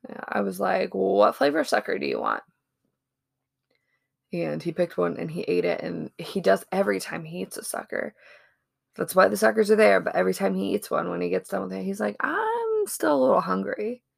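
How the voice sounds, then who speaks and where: Woman, thirties, very gravelly voice, dry close sound, chatty storyteller. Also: mid-range voice, expressive, brisk, no room sound. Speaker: podcast co-host. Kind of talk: casual chat.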